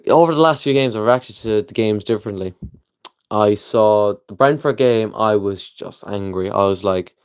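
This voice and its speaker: A man's voice: on the low side, normal speed, smooth. A young man with a Liverpool accent, ranting bluntly to camera as a football fan vlogger, swearing freely and sounding frustrated. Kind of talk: opinionated casual rant to camera.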